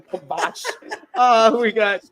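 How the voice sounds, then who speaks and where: Higher-voiced man recapping wrestling. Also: fairly bright tone, clear, resonant tone. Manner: recapping events, laughing often. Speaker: co-host. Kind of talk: casual wrestling review chat.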